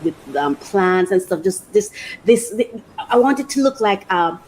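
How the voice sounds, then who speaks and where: A woman hosting a podcast and chatting casually about things she bought, talking in an animated way and laughing often. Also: mid-range voice, unhurried, slight background noise, rough recording. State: emotional, near tears. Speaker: podcast host. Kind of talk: casual unboxing chat.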